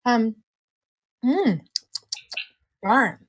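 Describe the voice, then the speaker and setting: A woman's voice: a little high, very animated, very slow, breathy edge, no room sound. A woman hosting a casual live vape review stream from home, chatty and laughing often. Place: at home, indoors at night.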